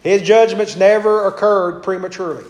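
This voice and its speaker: A man with a high-pitched voice leads a Bible class, talking conversationally and pausing to search for words. He works through homely stories. The room is echoey around him. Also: steady tone, darkish tone. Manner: conversational, with homely anecdotes and hesitations.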